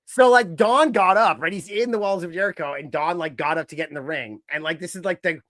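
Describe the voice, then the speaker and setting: A man co-hosting a podcast in casual chat. He talks in an animated way and slips into other people's voices as he tells stories. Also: high voice, a little fast, no room sound, studio quality. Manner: animated, acts out voices of others mid-story. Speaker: podcast co-host.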